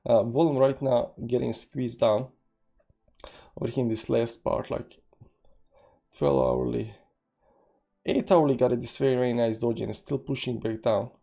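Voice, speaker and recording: Gravelly man rambling over charts. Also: mid-range voice, fairly even intonation, moderate pace, pauses often, warm tone. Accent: non-native English. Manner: rambling, filler-heavy, reads chat aloud. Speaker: crypto trading livestream host. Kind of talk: casual livestream chart commentary.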